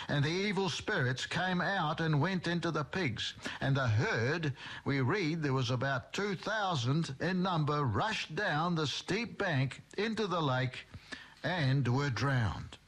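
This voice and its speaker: Man preaching slow and deliberate, lots of rise and fall in his voice. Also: fairly high pitch, animated, fairly bright tone. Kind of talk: sermon retelling scripture.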